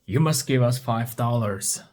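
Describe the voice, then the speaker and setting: Insistent male grave robber from a storybook, mid-pitched, unhurried, as a man reads him. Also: a little mellow, lightly acted. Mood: demanding. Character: grumbling adult male grave robber demanding money.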